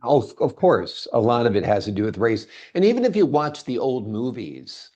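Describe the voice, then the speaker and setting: A man's voice: mid-range voice, very animated, normal speed, warm tone. A man hosting an interview, chatty and engaged, who asks probing questions. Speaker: interview host. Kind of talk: conversational interview. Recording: dull lo-fi interview audio.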